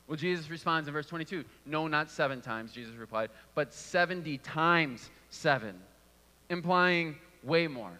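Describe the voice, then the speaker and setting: Male preacher, fairly high, bright tone, casual sermon delivery in a reverberant hall. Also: moderate pace. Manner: conversational, repeats words when restarting.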